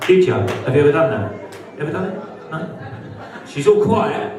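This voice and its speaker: A man's voice: a little high, sing-song, normal speed. A man from Essex with an Essex accent doing a crude, sweary stand-up set, bantering with the crowd. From Essex, England. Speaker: stand-up comedian. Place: social club stage. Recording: echoey club room, mic from far off.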